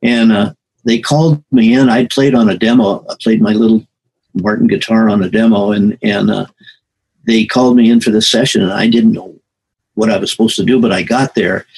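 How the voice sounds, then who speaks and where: An elderly man in his eighties with a gravelly, husky voice tells rambling stories from a long music career. He circles back with fillers and restarts, settling at a middle pitch. He is a guest in a relaxed interview. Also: low-quality recording. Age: 80s. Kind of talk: storytelling in a conversation.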